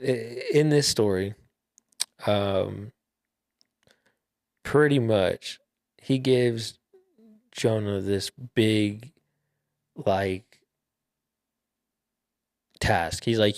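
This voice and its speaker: A man's voice: lowish voice, steady tone, slow, long pauses, dry recording, clean studio sound. A young man hosting a podcast, casually retelling a Bible story in loose slang with laughs and fillers. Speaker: podcast host.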